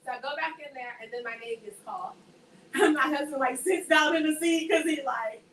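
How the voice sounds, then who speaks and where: A woman shares her faith testimony with a group, animatedly acting out each person in her story. Her voice sits a little high and sounds bright and forceful. She is caught from some distance off the mic, in an echoey room with a faint hiss underneath. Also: normal speed. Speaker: speaker giving a faith testimony.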